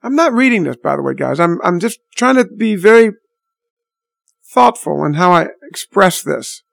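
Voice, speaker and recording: A man's voice: high-pitched, animated, moderate pace, creaky, dry recording. A man telling a story to his viewers in an unscripted monologue, blunt and indignant, with mild swearing. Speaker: vlogger addressing viewers.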